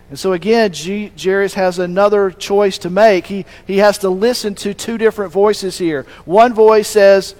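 A man with a high-pitched voice preaches a sermon, explaining the passage in a relaxed, conversational way. He poses rhetorical questions to his listeners and often corrects himself mid-sentence. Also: normal speed, few pauses, poor audio.

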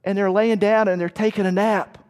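A man's voice: high voice, flat delivery, brisk, smooth. A man preaching, leading listeners through a vivid battle scene in the second person. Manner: vivid second-person storytelling, shouting quoted commands. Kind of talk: sermon illustration.

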